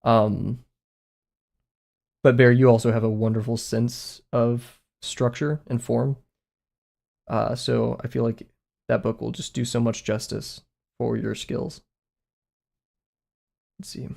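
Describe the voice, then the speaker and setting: A man's voice: mid-range voice, flat delivery, takes it slowly, vocal fry, long pauses, darkish tone. A young man chatting casually to his viewers while drawing on a live stream, rambling and poking fun at himself. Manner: rambling and self-mocking, talks to chat. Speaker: art streamer.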